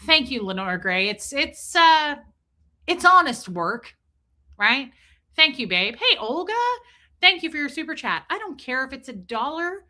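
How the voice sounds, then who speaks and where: A woman's voice: sits high, big pitch swings, measured pace, pushed and bright. A woman hosting a casual livestream, chatting bluntly with plenty of swearing and thanking her viewers by name. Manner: blunt, profane, chatty, reads and thanks viewers' super chats. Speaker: livestream host. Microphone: streaming mic.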